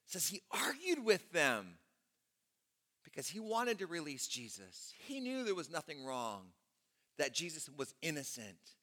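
A male pastor preaching a sermon in a church, retelling scripture dramatically with loud peaks and hushed drops. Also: fairly high pitch.

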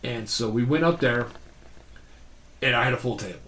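At normal speed and with a slightly bright, medium-pitched voice, this middle-aged podcast guest, the younger brother, chats casually. He laughs his way through rambling, foul-mouthed stories, captured with roomy echo and a faint hiss.

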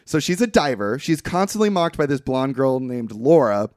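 A man's voice: medium pitch, sing-song, normal speed, darkish tone, no echo, studio quality. A man co-hosting a podcast, recapping a movie in casual, rambling chat full of fillers and restarts. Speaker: podcast co-host.

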